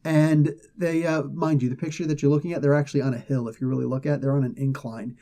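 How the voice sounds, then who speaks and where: A man hosting a casual comic book review, talking in a chatty, animated way with frequent laughs and side remarks. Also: mid-range voice, quick pace.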